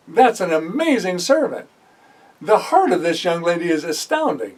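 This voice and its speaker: Male preacher with a high voice, storytelling sermon, repeats phrases for emphasis, mic set back from him. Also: normal speed. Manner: animated storytelling, acting out the voices of biblical figures; drives points home by repeating phrases. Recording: voice heard from a distance off the mic.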